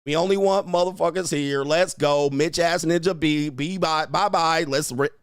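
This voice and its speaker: A man hosts his own livestream and talks straight to his chat. His voice sits a bit high for a man, and he is brash, profane and taunting. The sound is close and dry, with no room around it. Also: fairly even intonation, moderate pace, clean tone, no room sound. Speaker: livestream host.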